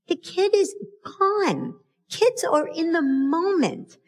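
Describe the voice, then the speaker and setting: Slow, emphatic woman parenting speaker. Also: extremely high pitch, expressive. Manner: storytelling, emphatic, acts out quotes. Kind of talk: motivational talk to an audience.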